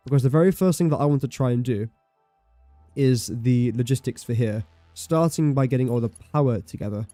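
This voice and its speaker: A man's voice: mid-range voice, fairly quick, dark tone, no echo, faint music behind. A young man chatting casually while livestreaming a game, rambling and correcting himself as he talks. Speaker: streamer. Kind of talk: casual gameplay livestream chat.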